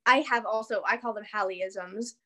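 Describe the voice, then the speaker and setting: A woman's voice: medium pitch, steady tone, normal speed, a bit bright. A young American woman, a dancer, chatting casually in an interview over a video call, laughing often and full of "like" and "you know". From United States. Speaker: guest, dancer.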